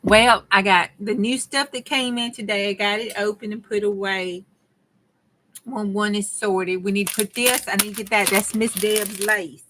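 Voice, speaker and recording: In this casual crafting vlog, a woman talks to viewers while crafting, her Southern country drawl clipping words as she goes along. She speaks at a moderate pace with fairly even intonation and a medium-pitched, fairly bright tone. The recording is rough.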